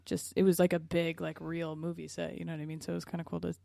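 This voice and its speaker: A woman's voice: lowish voice, completely flat delivery, quick pace, vocal fry, dark tone, no echo, clean studio sound. A young adult woman co-hosting a podcast, chatting casually and laughing often as she tells stories. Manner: giggly, chatty storytelling. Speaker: podcast co-host. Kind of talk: casual chat.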